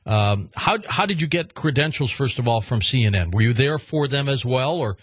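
A man's voice: mid-range voice, expressive, normal speed, a bit bright, slightly rough, no room sound. A man hosting a talk radio interview, pressing his guests with probing questions. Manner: probing, repeats himself to stress points. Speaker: radio host.

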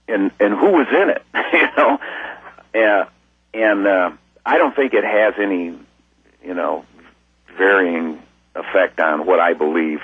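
A man telling a long story as an interview guest, in a folksy, rambling way that grows animated when excited. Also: low-pitched, husky, no room sound. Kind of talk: casual storytelling. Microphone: phone. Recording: tinny dry phone line.

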